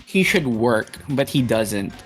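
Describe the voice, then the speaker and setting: A co-host in a casual movie podcast, talking crudely with quick reactions. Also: medium pitch, expressive, soft background music.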